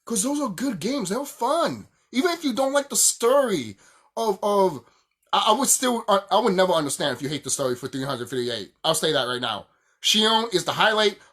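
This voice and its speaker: A young man on a casual video rant, swearing as he goes and laughing in bursts. His pitch swings widely from low grumbles to excited highs. He keeps repeating himself to hammer the point home. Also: slightly rough. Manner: heated, profane, laughs often, repeats himself. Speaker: YouTuber ranting about games.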